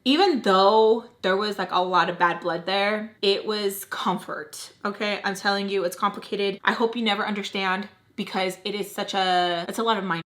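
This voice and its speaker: A woman in her thirties tells a personal story in a chatty, dramatic way. Her voice is bright and sits at a middling pitch. She talks casually, as if confiding in friends. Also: steady tone, normal speed, hardly any pauses. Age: 30s. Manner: chatty and dramatic, leaning on fillers. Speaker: storytime vlogger.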